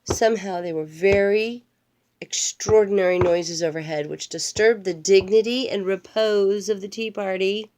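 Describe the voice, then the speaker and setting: An older woman reads a picture book to her grandchild, stopping often for playful, rambling asides. Her voice sits at a middling pitch for a woman, and her tone is homey and unpolished. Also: steady tone, moderate pace, darkish tone. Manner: playful, digressive, talks straight to a grandchild. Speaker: grandmother reading aloud. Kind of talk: storybook reading with chatty asides.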